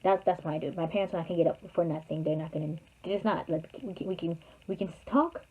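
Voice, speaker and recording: Young woman vlogger, quick chatty storyteller, slightly husky, lo-fi phone-like audio. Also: on the low side. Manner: chatty, animated, jokey asides. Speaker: YouTuber. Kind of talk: casual storytime vlog. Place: her bedroom at home. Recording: tinny phone-like sound.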